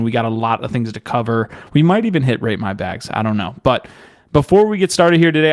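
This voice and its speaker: A man's voice: medium pitch, clean tone. A man hosting a casual livestream chat, upbeat and laid-back, reading out viewer names. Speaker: host.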